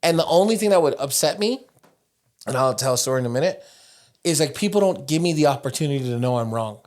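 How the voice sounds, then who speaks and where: A man in his thirties co-hosting a podcast, telling animated stories in casual chat and laughing often. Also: fairly high pitch, fast. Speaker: podcast co-host.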